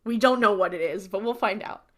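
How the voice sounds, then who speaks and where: A woman's voice: medium pitch, fairly quick. A young woman co-hosting a podcast, chatting casually and acting out characters' lines as she recaps. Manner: animated, acts out characters' lines while recapping. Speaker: podcast co-host.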